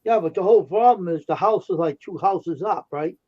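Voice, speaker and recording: A man's voice: sits high, a little fast, a little mellow, dull audio. A man on a livestream casually telling indignant, heated stories about confrontations. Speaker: stream co-host. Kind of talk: casual storytelling chat.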